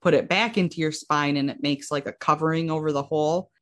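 A woman's voice: deep voice, fairly quick. A young woman in her twenties casually telling her own story, acting out what people said and using lots of "like". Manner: animated, acts out quotes with lots of "like". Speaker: guest sharing her story.

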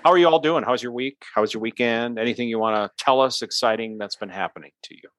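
A man's voice: mid-range voice, quick pace, fairly bright tone. A man hosting a local podcast, opening the show and asking his co-hosts friendly questions in a casual chat. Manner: friendly, asks the others questions. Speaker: podcast host.

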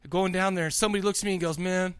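A man's voice: high-pitched, rapid-fire, clear, resonant tone, no echo, studio quality. A man co-hosting a podcast, telling rambling crude stories in casual chat. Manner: animated, rambling, crude joking. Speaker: podcast co-host.

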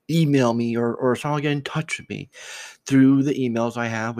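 This solo podcast host speaks in a mid-range, darkish voice with no room sound. Unscripted and reflective, he rambles aloud, restarting and repeating words, and grows choked up with a trembling voice.

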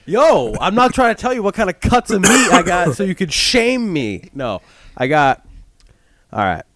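A young man hosting a casual podcast, joking and laughing as he rambles through a meat-box pitch. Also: sing-song, moderate pace, crowd noise. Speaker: podcast host. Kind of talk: casual chat.

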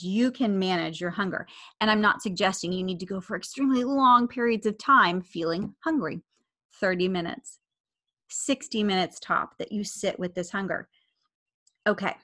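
Woman, 30s, podcast host and coach. Casual monologue, middle pitch, repeats key lines, acts out listeners' thoughts. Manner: warm coaching tone, repeats key phrases, acts out inner voices.

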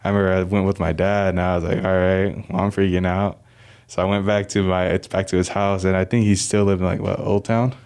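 Young guy on a podcast, lowish smooth voice, laid back, just chatting. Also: flat delivery, brisk, a little mellow. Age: young adult. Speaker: guest, football player. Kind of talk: casual interview chat.

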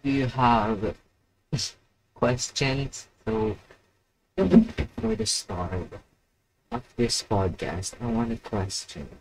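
A man's voice: mid-range voice, lively intonation, extremely slow, long pauses, slight background noise, poor audio. A young man hosting a live stream alone, rambling and mocking himself while he waits for viewers. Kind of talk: casual solo live stream chat.

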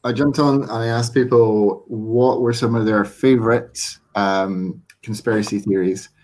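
A man hosting a casual podcast, briskly moving the show along. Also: on the low side, fairly even intonation, a little mellow. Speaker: podcast host.

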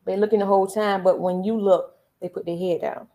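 A woman's voice: mid-range voice, fairly even intonation, fairly quick, dark tone. A woman hosting a podcast, setting up scenarios and prompting her guest in casual chat. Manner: prompting, sets up scenarios for questions. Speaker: podcast host.

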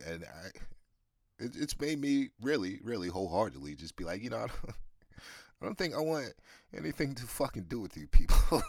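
A man's voice: low-pitched, a bit bright, no room sound, clean studio sound. A man hosting his own show, ranting in a loose, profane monologue full of fillers and laughter. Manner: profane, rambling, laughs often. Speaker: podcast host. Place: New York.

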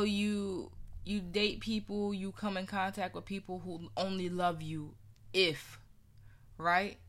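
A woman's voice: mid-range voice, fairly bright tone. A young woman sharing her personal faith story in an earnest, conversational way, with many casual fillers.

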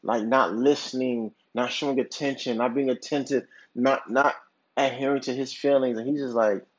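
Brief: male podcast host, slightly husky voice, casual rambling monologue, muffled low-fi recording. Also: steady tone, moderate pace. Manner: rambling, filler-heavy storytelling with many "like"s and restarts. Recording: dull lo-fi recording.

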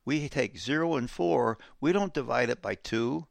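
Male finance host, gravelly voice, dry studio sound, emphatic explainer who lingers on key words. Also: medium pitch, expressive, dry recording. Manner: emphatic, repeats key words slowly for effect. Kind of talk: explanatory talk show monologue.

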